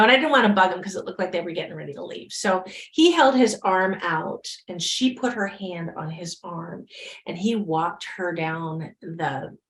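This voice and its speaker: A woman guest on a podcast telling a story in a lively way and acting out the dialogue. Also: fairly low pitch, echoey room. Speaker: guest speaker.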